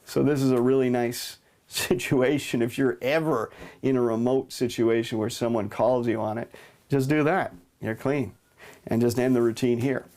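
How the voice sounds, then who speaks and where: A man teaching a money-change magic trick, explaining step by step in a relaxed way and punctuating moves with "boom.". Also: normal speed. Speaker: magic instructor. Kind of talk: demonstrating and explaining a card trick.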